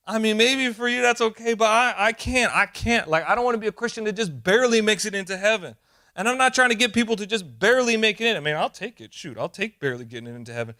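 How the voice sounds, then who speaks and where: A man pastor preaching a sermon, animated and emphatic, sometimes acting out quoted voices. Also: sits high, quick pace.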